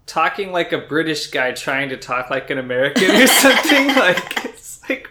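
A man co-hosting a podcast, chatting casually and rambling with lots of "like" and animated asides. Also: on the high side, moderate pace. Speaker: podcast co-host. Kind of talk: casual chat.

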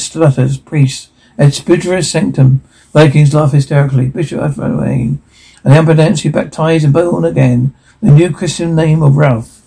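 A man reading audio description, voicing sound cues and dialogue in a flat, even way. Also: on the high side, vocal fry, husky, low-quality recording.

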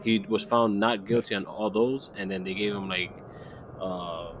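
Low-voiced dude chatting, laid back, kinda trails off, faint noise. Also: male voice, level tone, measured pace. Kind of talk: casual chat.

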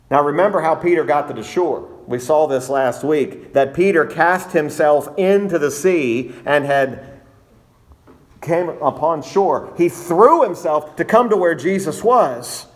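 A man's voice: fairly high pitch, measured pace. Man preaching a sermon, rising emphasis. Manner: reads scripture in King James wording, then preaches with rising emphasis. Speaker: pastor.

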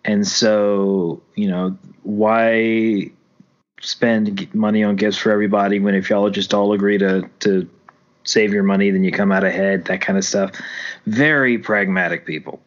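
A podcast co-host with a lowish, steady voice speaks a little slowly, telling long, rambling stories on a casual show and correcting himself as he goes. The sound is dull and lo-fi.

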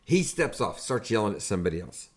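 Older guy telling army stories on his podcast, animated, builds to punchlines. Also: on the low side, fast. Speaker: podcast host and army veteran. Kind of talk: casual storytelling.

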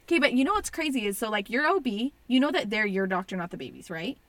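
A woman in her thirties co-hosting a casual chat, an animated storyteller with lots of "like.". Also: on the high side, fast, no room sound. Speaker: podcast co-host.

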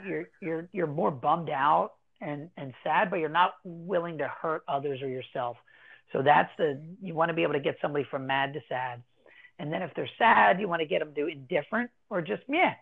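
A man talking casually as an interview guest, explaining in an animated way and acting out children's voices as he goes. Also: fairly high pitch, creaky. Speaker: guest, anti-bullying educator. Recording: tinny phone-like line.

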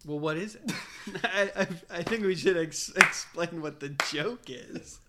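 A man's voice: sits high, unhurried, heavy background noise. A man co-hosting a podcast, bantering in casual chat with frequent laughter and swearing. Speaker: podcast co-host.

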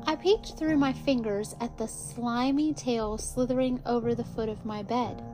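A woman reading a children's picture book aloud in an expressive storytelling way. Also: on the high side, moderate pace, over music. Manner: expressive, lively character reading.

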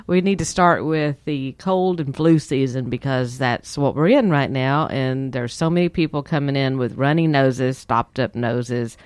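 A woman's voice: rumbling low, moderate pace, few pauses, a little mellow, clean tone, no echo. Chatty woman explaining products. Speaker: podcast co-host. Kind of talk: casual health podcast chat.

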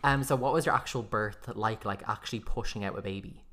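Very low-voiced, quick woman host. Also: fairly bright tone. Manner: chatty, prompting questions with fillers. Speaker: podcast host. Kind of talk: casual chat.

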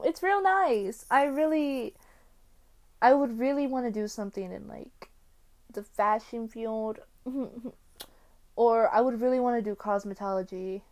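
Rambling, excitable woman podcaster. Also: on the high side. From United States. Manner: rambling and excitable, jumping between topics with many fillers; swings between loud exclamations and quiet mumbling. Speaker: podcast host. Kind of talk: casual solo podcast chat.

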